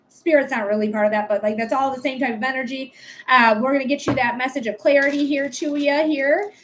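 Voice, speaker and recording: A young adult woman hosting a live psychic reading stream, chatting casually, swearing now and then and pitching her readings upbeat. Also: fairly bright tone. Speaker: livestream psychic reader. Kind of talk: casual livestream chat.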